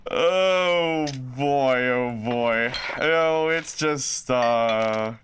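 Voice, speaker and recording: A man streaming a game, talking casually and exclaiming often in excitement. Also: medium pitch, extremely slow, a little hiss or hum.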